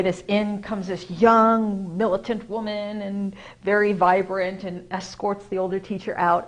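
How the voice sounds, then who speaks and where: American woman, host, casual rambling delivery with fillers, animated on key points. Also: mid-range voice, low-quality recording. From United States. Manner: chatty, rambling with fillers and self-corrections; acts out quoted voices, gets animated when emphasizing. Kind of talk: casual spoken reflection.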